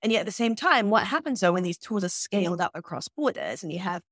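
A woman, co-hosting a casual podcast discussion, thoughtful and animated, often adding "like" and "right?". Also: mid-range voice, fast talker, no room sound, clean studio sound. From New Zealand. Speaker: podcast co-host.

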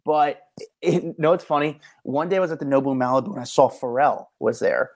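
Man, podcast co-host, casual rambling chat, fillers, slightly high voice. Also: fairly quick, a little mellow. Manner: rambling storyteller, many fillers.

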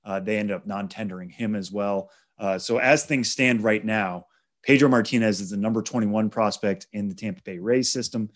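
A man co-hosting a sports podcast, calmly walking through prospect trades and statistics. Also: fairly low pitch. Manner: measured, stat-heavy explaining. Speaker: podcast co-host. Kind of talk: casual sports chat.

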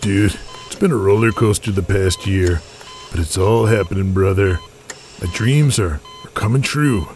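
A man's voice: sits low, moderate pace, a little mellow, slight background noise, lightly acted. A man voicing a laid-back young male wrestling star who talks in casual slang. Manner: casual, surfer-like slang, calls people buddy.

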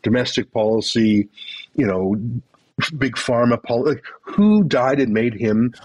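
A man speaking as an interview guest, emphatic and rapid, with mocking asides. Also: medium pitch, animated, darkish tone, dry recording, dull audio. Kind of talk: impassioned political commentary.

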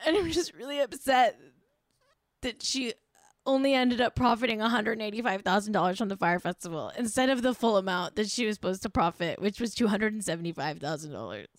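A woman hosting a comedic gossip show, trading sarcastic jabs for mock-solemn, hushed asides. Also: medium pitch, expressive, fairly quick, no echo, clean studio sound. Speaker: host.

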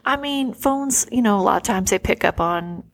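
A woman's voice: medium pitch, expressive, moderate pace. A woman in her forties, the host, telling personal stories in an earnest, emotional way, full of "like". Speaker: podcast host. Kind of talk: casual conversational storytelling.

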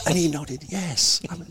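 An older man, a podcast guest, telling a long rambling anecdote and acting out the voices of the people in it. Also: on the high side. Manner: rambling, animated, acts out quoted voices. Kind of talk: casual storytelling.

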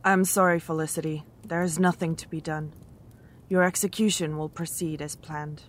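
A woman's voice: on the low side, normal speed, lightly acted. A woman playing a posh official pronouncing sentence. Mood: somber. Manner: formal, grand pronouncements.

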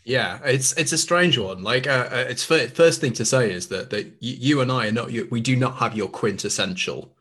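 A man's voice: medium pitch, moderate pace, hardly any pauses, a bit bright, slightly rough. A young man with a Cumbrian accent, chatting casually as a podcast co-host, laughing easily and restarting his sentences. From England.

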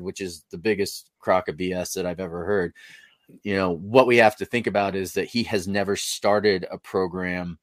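A man's voice: lowish voice, fairly even intonation, moderate pace, no room sound, clean studio sound. A man on a podcast, talking in casual chat, blunt and opinionated, running on at length.

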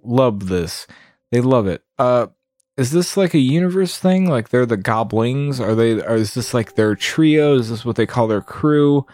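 A man's voice: medium pitch, expressive, a little slow, darkish tone. A man giving casual, profane game commentary, rambling and disgusted. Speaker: let's play gamer.

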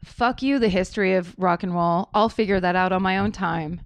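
A woman's voice: on the low side, no room sound. A woman comedian, a guest on a podcast, chatting casually in a wry, joking way. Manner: wry, joking, quick to laugh.

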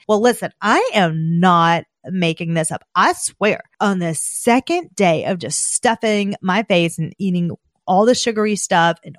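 A woman's voice: mid-range voice, dry recording, studio quality. Chatty Southern woman with gushing exclamations. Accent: Southern American. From American South. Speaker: esthetician podcast host. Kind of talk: casual chat.

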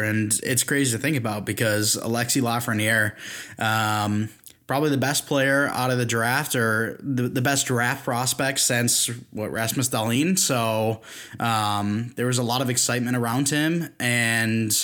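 A man's voice: mid-range voice, steady tone, unhurried, pushed and bright. A man co-hosting a sports podcast in casual chat, easygoing and teasing. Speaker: podcast co-host.

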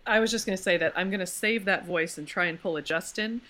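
A woman's voice: lowish voice, fast, sharp tone. A woman voice actor chatting as a podcast guest, gushing and laughing often. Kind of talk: casual podcast chat.

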